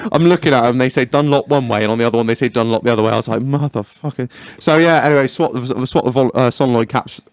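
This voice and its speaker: A man's voice: medium pitch, quick pace, clear, resonant tone, no echo. Young guy podcast host, swears a lot, acts out his stories, dead dry mic. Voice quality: sweary, animated storyteller who acts out his own lines. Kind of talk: casual chat.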